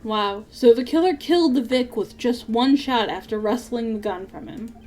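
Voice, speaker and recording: A woman voicing a gruff, big-hearted male police detective in a video game, blunt and quick to call people "pal.". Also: a little high, a little mellow, lightly acted.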